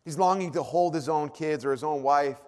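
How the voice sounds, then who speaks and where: A man preaching a sermon, earnest, dropping to a hush and then rising to emphatic peaks. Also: on the high side, moderate pace. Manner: earnest, swings from hushed to emphatic. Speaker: pastor. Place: church auditorium. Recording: long hall reverb.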